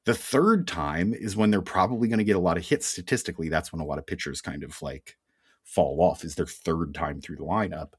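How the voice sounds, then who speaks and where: A man with a Philadelphia accent co-hosting a podcast, recapping comics in a wry, deadpan way and explaining things through sports metaphors. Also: low voice, fairly quick, husky, no room sound, studio quality. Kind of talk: casual chat recap.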